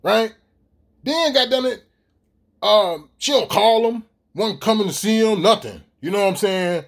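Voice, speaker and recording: A man's voice: sits high, lively intonation, measured pace, creaky. A middle-aged man, ranting profanely and animatedly straight to his viewers in a casual vlog. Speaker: vlogger. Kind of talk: casual ranting monologue to camera.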